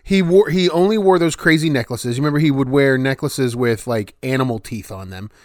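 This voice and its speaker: A man co-hosting a podcast rambles through a casual chat with many false starts. His voice is mid-range and darkish in tone, fairly quick, captured in a dry, clean studio recording.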